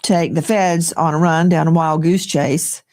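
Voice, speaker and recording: A woman's voice: low-pitched, steady tone, unhurried, a little mellow. A woman co-hosting a case discussion, laying out a timeline point by point and asking for agreement. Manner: analytical, lays out a timeline point by point.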